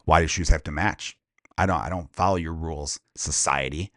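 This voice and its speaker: A man voicing a self-righteous young woman who defies social rules in a flat, quiet way. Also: very deep voice, moderate pace, no room sound, studio quality, pitched below the performer's own voice. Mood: defiant. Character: defiant young woman, self-styled free spirit.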